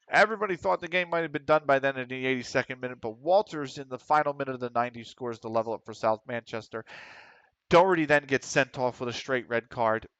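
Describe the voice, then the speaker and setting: A man giving casual commentary on a football management game, reading questions aloud quickly and answering offhand with casual swearing. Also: medium pitch, fairly bright tone, dry recording. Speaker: gaming streamer. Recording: dry, slightly dull home mic.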